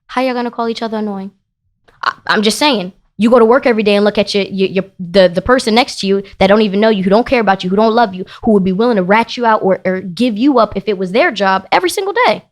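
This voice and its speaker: Woman podcast guest, mid-pitched, animated and emphatic storyteller. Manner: emphatic, animated, rising into heated retelling. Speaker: podcast guest, business founder. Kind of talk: casual interview storytelling.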